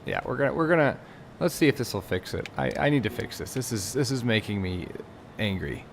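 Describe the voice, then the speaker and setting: A man with a low, gravelly voice talks his way through a game in a loose, rambling style. He grows exasperated when things break. A faint hiss sits under his voice. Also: big pitch swings, a little fast. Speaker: let's play host. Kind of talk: casual gameplay commentary.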